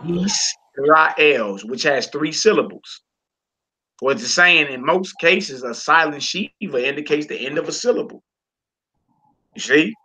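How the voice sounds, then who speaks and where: A man teaching a Hebrew reading class in a relaxed, informal way, talking to students while he works the screen. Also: fairly high pitch, unhurried, husky. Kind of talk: casual online class lesson. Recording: lo-fi recording.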